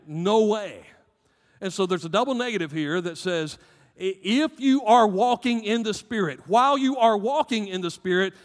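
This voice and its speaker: Southern-accented preacher with high voice. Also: male voice, big-room sound. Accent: Southern American. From American South. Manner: emphatic preaching, rising and dropping in volume. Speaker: pastor. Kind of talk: sermon.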